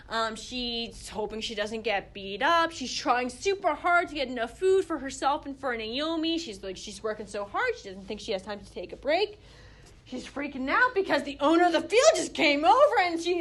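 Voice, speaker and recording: Chatty, animated woman teaching Bible study. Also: a little high. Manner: chatty, animated, acts out quotes with lots of fillers.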